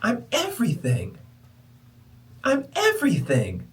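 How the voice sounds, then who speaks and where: A childlike spirit of the universe, innocent and all-knowing, speaking slowly in a high, sweet voice, as a man puts it on. The pitch sits well above his own and swings up and down. The voice is heard from a little way off the mic. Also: huge pitch swings, far from the mic, heavily acted. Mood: gentle.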